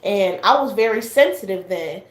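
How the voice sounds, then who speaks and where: A young woman tells a personal story in a loose, rambling way, full of fillers and acted-out quotes. Her voice sits at an ordinary middle pitch. It bounces around an echoey room. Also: animated, moderate pace. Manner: rambling, heavy fillers, acts out family quotes. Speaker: guest sharing a personal story. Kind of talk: casual storytelling chat.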